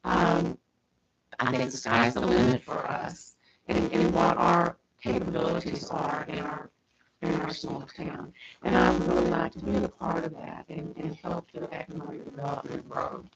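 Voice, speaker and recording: A woman with a very deep, gravelly voice talks at a council meeting, her pitch swinging widely. She speaks hesitantly, with many ums. Loud noise runs under the muffled recording. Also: big pitch swings, moderate pace. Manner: hesitant, modest. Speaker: committee applicant at a city council meeting. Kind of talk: public remarks. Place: city council chamber.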